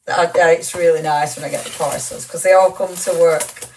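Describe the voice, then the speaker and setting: A woman's voice: fairly low pitch, steady tone, fairly quick, a little mellow, far from the mic, a little hiss or hum, low-quality recording. A woman presenting a live craft show in a chatty, gushing, rambling way, full of ums and little laughs.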